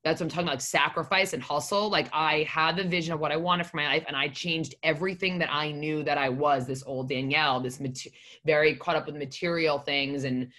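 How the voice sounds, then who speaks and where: A woman with a notably low voice speaks as a podcast guest. She talks candidly and at length, drifting from point to point. She drops in a curse word now and then for emphasis. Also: steady tone, a little fast, pushed and bright. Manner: candid, rambling storyteller who swears for emphasis. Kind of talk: casual podcast conversation.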